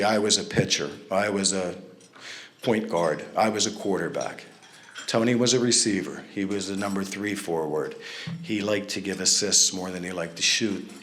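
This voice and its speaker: A man speaking at a fundraising event, telling anecdotes with self-deprecating humor into a stage microphone. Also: fairly low pitch. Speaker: NFL referee and guest speaker. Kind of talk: storytelling speech at a fundraiser. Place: large banquet room at an event. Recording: echoey event hall.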